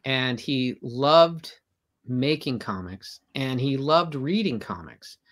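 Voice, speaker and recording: An older man who is a comic artist appears as a guest in a casual interview, spinning long, warm, rambling anecdotes full of restarts. His medium-pitched voice is expressive and unhurried.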